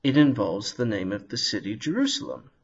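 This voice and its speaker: A man teaching a video lesson on Hebrew vowels, slowly and carefully sounding out each word. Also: on the low side, expressive, slightly rough. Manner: slow, careful sounding out of words.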